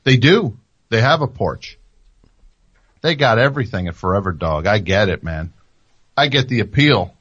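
A man's voice: lowish voice, animated, normal speed, long pauses, a bit bright, breathy edge, no room sound, dull audio. A man hosting a podcast from a studio, rambling and joking as he talks into the microphone. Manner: rambling, jokey, self-interrupting. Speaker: podcast host. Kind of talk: casual radio-style monologue. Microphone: studio microphone with headphones.

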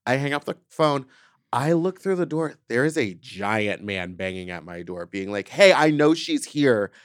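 A man co-hosting a podcast, telling a story in casual chat, full of "like" and animated retelling, into a studio mic. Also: lowish voice, moderate pace, no room sound. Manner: chatty, peppered with "like", animated retelling. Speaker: podcast co-host.

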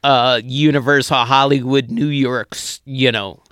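A man co-hosting a casual podcast, riffing with quick jokes. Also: medium pitch, steady tone, fairly bright tone, smooth, dry recording. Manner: jokey, riffing quips. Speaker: podcast co-host.

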